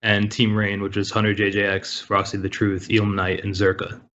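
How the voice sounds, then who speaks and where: Low-voiced man reading esports results. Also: monotone, normal speed, sharp tone. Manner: matter-of-fact, listing names and results. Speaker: news segment co-host. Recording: dull lo-fi call audio.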